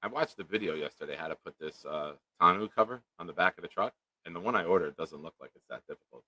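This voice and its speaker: A man's voice: sits low, fast, bright, forceful tone. A man hosting a casual live-stream chat, joking around and reading viewer comments aloud. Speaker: show host.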